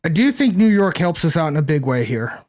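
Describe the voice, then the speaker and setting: A young man with a fairly high voice streams a card game and talks casually the whole time. He thinks his plays through out loud and keeps answering his chat. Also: very animated, a little fast. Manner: chatty, thinks aloud, reads and answers chat. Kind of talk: casual live-stream commentary.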